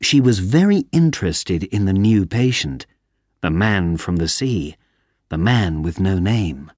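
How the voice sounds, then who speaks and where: Rich: A man reads a simple story aloud for English learners, slow and careful. His low voice moves in lively rises and falls, recorded close and dry. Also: no room sound.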